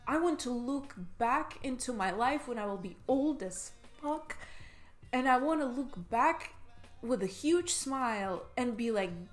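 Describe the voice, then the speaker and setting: A woman's voice: a little high, lively intonation, measured pace, faint music behind. A woman in her twenties, a vlogger giving a podcast-style pep talk in a passionate, emphatic way, swearing for emphasis.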